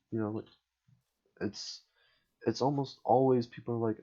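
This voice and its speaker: A man's voice: medium pitch, flat delivery, moderate pace, pauses often, dark tone. A man ranting sarcastically in casual chat about a game, swearing often. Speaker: podcast host. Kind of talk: casual gaming rant. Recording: dull lo-fi mic.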